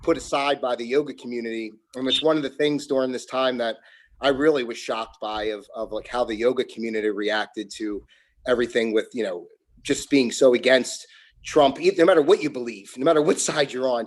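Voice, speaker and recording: A man's voice: medium pitch, brisk. Rambling American man on a video call. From New Jersey, near Philadelphia. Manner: rambling, self-correcting, chuckles. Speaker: guest, yoga teacher. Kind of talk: casual chat on a video call.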